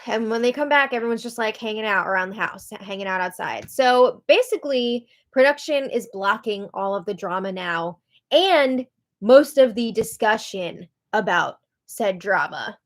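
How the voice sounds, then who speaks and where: A woman's voice: medium pitch, lively intonation, normal speed. A woman hosting a casual live recap of a reality show, talking in a chatty way with frequent "like".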